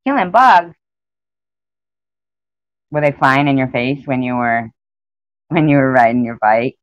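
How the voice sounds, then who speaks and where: A woman's voice: rumbling low, expressive, unhurried, no room sound, lo-fi sound. A woman chatting casually on a live stream, rambling and emotional as she greets her viewers by name.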